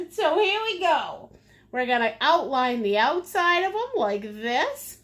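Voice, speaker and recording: An American painting instructor leads a live lesson, chatty and playful with sing-song asides. She speaks slowly in a high, sing-song, fairly bright voice.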